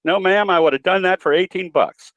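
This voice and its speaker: A man voicing a deadpan veterinarian giving bad news, in a joke told during a webinar. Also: high-pitched, fairly quick, no echo, lo-fi sound, voice pushed up.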